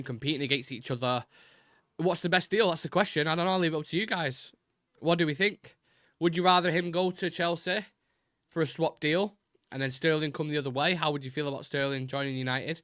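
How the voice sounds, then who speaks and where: Chatty man, bright tone. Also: fairly high pitch, no echo, studio quality. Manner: chatty, thinks aloud with fillers and restarts. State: voice keeps going. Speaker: host of a live football fan show. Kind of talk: casual live-stream chat.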